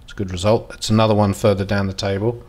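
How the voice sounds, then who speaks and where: A man giving casual, excitable commentary while playing a football management game, dropping to mutters and jumping to loud outbursts. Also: lowish voice, quick pace. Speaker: gaming video host.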